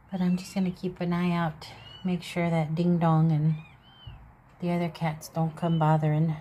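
A woman's voice: sits low, warm tone, slight background noise, low-quality recording. A woman vlogging casually from her backyard, talking soothingly to a cat giving birth and chatting to her viewers. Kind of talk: casual vlog talk to viewers. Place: backyard outdoors. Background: cats meowing.

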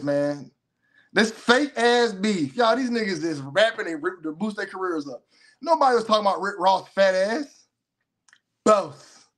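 A man's voice: high-pitched, a bit bright. A man hosting a casual commentary show, telling rambling, profane stories with a lot of animation. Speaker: host.

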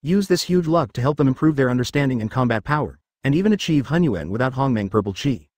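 A man narrates a web novel in an even, machine-like way. His pitch rises and falls a lot. The sound is dry and close. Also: fast talker, no room sound. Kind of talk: text-to-speech novel reading.

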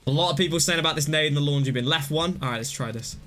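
Excitable young male gameplay streamer. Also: on the high side, very fast, faint music behind. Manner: rambling, self-mocking, excitable. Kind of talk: live gameplay commentary.

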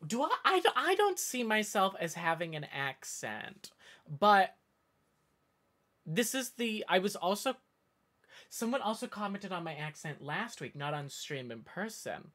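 A man from the northeastern US chats casually on a live stream, reading viewer comments and wandering off on tangents. His high, bright, forceful voice swings widely in pitch at a measured pace, and his rambling is full of self-corrections.

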